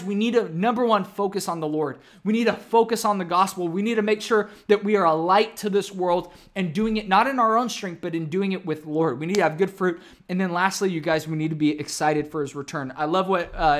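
A man preaching and praying as a pastor in a fervent sermon, often calling his viewers "you guys.". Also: sits high. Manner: ends in a prayer. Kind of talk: online sermon. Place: home room.

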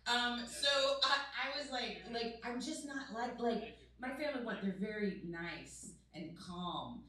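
Middle-aged lady doing stand-up, bright voice, big echoey room, bit far from the mic. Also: fairly high pitch, measured pace. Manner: animated, laughing asides, acts out quotes. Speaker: stand-up comedian. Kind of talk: stand-up comedy set. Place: comedy club stage. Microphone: handheld stage microphone. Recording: live club mic, roomy with crowd laughter.

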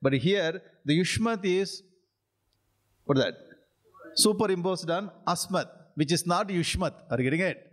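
An Indian English-accented man leads a scripture class in a lightly raised voice. He recites Sanskrit lines slowly and deliberately, then explains them in plain repeated phrases. He chuckles as he checks whether his students are following. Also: high voice. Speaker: spiritual teacher.

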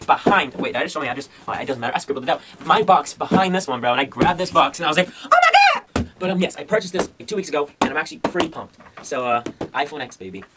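A young man hosting a casual unboxing vlog, excited and slangy, calling his viewers bro. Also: fairly high pitch, noisy background. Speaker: gaming youtuber.

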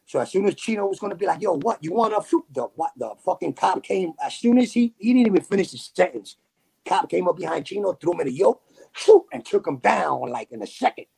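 A man from New City, telling a story as a podcast guest in animated street slang with sound effects. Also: high-pitched, a little fast, vocal fry, breathy edge. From New York City. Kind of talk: casual storytelling.

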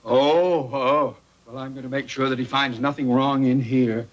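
An actor playing a blustery, pompous bank manager in a 1960s sitcom, stammering when flustered. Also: male voice, mid-range voice, steady tone, measured pace, muffled recording, lightly acted. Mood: fussy.

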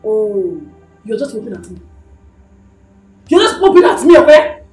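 Nollywood: quarrelsome Nigerian young wife, high and animated, scolding. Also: female voice, moderate pace, reverberant, faint music behind. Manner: combative, scolding. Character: pregnant young wife, quarrelsome and sharp-tongued. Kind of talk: Nollywood film acting.

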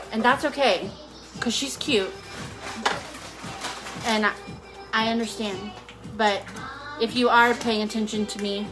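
A woman hosting a home cooking show, talking in a casual, playful, teasing way from her kitchen. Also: mid-range voice. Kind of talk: casual joking chat.

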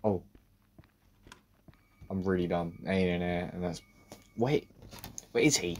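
A man giving a let's-play commentary on a horror game, talking to himself, swearing and breaking into sudden loud outbursts. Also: sits low, fairly even intonation, takes it slowly, pauses often, slight background noise. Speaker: gaming video creator.

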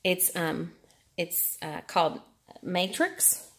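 Pedaling an exercise bike, a vlogger chats casually to the camera, slightly breathless and full of fillers. Her voice is on the low side, slow, with a breathy edge and big pitch swings.

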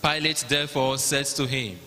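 Nigerian guy narrating scripture in a big cathedral, bright voice, long echo. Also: mid-range voice, fairly even intonation, moderate pace. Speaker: narrator of the Passion reading. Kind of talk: liturgical scripture reading. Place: large cathedral.

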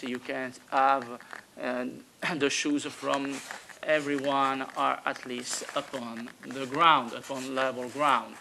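A man's voice: mid-range voice, vocal fry, a bit bright, a little hiss or hum. A man who is not a native English speaker explains his hobby build step by step in a casual how-to style, hesitating often and correcting himself. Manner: hesitant, many filler sounds, self-correcting. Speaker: hobbyist tutorial maker. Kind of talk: casual how-to narration while working.

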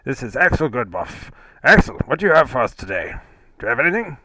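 A man's voice: mid-range voice, big pitch swings, fast talker, pushed and bright, dry recording. A man in an improvised comedy sketch playing a skeptical, hesitant male announcer. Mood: dismissive. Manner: dismissive, hesitant.

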